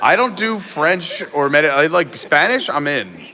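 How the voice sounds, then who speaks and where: A man's voice: on the high side, very animated, normal speed, pushed and bright. A man hosting a live stream, chatting casually and greeting viewers while filming on a gimbal. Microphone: gimbal camera.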